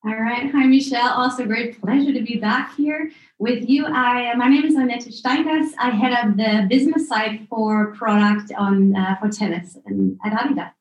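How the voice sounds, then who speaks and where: A woman's voice: on the high side, moderate pace. Hesitant woman guest in a roomy echo. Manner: hesitant, many restarts. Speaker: guest, business lead. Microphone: video call.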